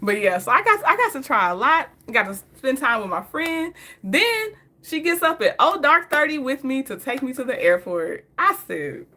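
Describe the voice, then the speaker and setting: A woman's voice: high voice, sing-song, moderate pace, bright, forceful tone. A woman telling stories in a casual, chatty way, often laughing and talking straight to her viewers. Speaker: vlogger. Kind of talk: casual story time.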